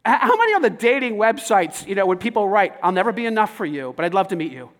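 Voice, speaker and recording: Pastor, male, high voice, dynamic sermon delivery moving between emphatic and quiet. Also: big pitch swings, quick pace. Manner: dynamic preaching, swings from loud to hushed.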